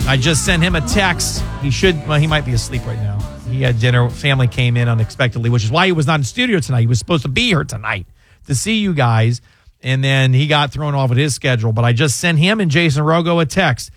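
A man's voice: mid-range voice, animated, fast, over music. A man hosting a call-in radio show about legal questions, talking in a chatty, emotional way and often stumbling over his words. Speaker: radio show host and lawyer.

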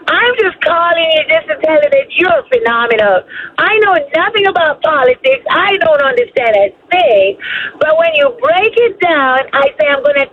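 A woman's voice: sits high, expressive, moderate pace. A woman from Jamaica with a Jamaican accent, calling into a radio show and gushing with praise. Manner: warm, effusive, gushing with praise. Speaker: caller. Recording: tinny phone line.

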